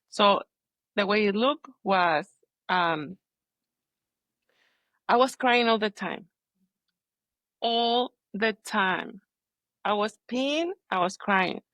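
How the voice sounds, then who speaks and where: Earnest woman guest, halting and searching. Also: medium pitch, a bit bright, dry recording. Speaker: podcast guest, holistic healer. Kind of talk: candid personal conversation.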